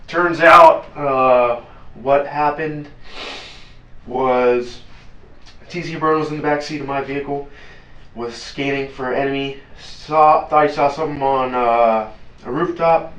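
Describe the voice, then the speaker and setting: A man's voice: mid-range voice, steady tone, a bit bright, a little hiss or hum. Man telling a war story, distant and roomy. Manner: blunt, profane, halting with many fillers. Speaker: interview guest, former Navy SEAL. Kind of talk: casual storytelling interview. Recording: roomy, distant, dull lo-fi sound.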